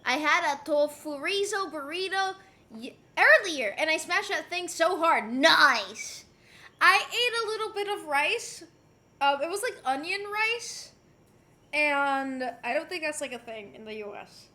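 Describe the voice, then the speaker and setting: A woman's voice: high voice, lively intonation, unhurried, pushed and bright. A woman live streamer at home, chatting casually, reading chat messages aloud and cooing at her pet. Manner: coos and teases her pet between comments.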